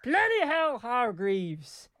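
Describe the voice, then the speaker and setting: A man's voice: very high voice, huge pitch swings, slow pace, very noisy, full character voice. A man voicing a rambling football fan who moans only at big games. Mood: grumbling. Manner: rambling, complaining. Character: grumbling male football fan, fair-weather moaner.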